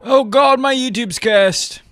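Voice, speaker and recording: An exasperated, joking young man chatting on a stream. His voice is high and smooth, and his pace is slow. The recording is dry and close. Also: dry recording, soft background music. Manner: joking, exasperated, shouts at times. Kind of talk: casual chat.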